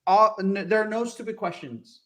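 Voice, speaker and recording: A man's voice: sits high, normal speed, fairly bright tone. A man co-hosting a casual livestream chat, swearing freely and laughing often. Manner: loose and profane, laughs often. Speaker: co-host.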